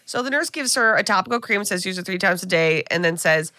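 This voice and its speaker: A woman's voice: mid-range voice, expressive, a little fast, few pauses, pushed and bright, no echo, clean studio sound. An American woman co-hosting a podcast, retelling a film in casual chat and acting out the characters' lines. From United States. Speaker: podcast co-host. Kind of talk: casual movie recap chat.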